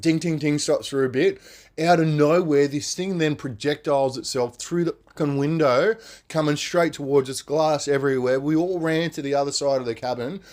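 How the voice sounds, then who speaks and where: Animated man telling a story. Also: a little high, moderate pace. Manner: animated, swears freely, tags lines with "man" and "right?". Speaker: podcast storyteller. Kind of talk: casual spoken storytelling.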